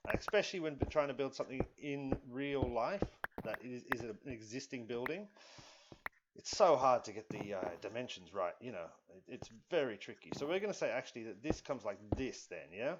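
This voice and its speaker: A man talking through a live game stream in a loose, rambling way, thinking aloud and apologizing now and then. His voice sits at an ordinary middle pitch. The stream audio is dull and lo-fi, with loud hiss running underneath. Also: expressive, brisk. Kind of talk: live gameplay commentary.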